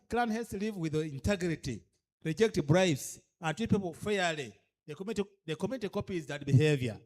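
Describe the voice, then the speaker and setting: Man, Ugandan accent, slightly high voice, emphatic lecturing, repeated rhetorical questions, mixes in a local language. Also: darkish tone. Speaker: speaker at a cultural leaders' orientation. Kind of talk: training lecture.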